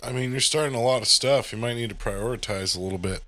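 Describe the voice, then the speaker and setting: A man's voice: medium pitch, fast, sharp tone. A man co-hosting a podcast in casual chat, tossing in dry, teasing wisecracks. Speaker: podcast co-host.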